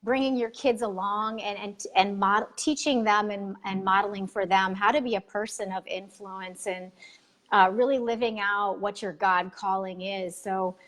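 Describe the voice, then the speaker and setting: A woman's voice: mid-range voice, fairly even intonation, a bit bright. A woman hosting a casual chat, gushing with praise and often restarting her sentences. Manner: gushing, halting, many restarts. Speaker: podcast host.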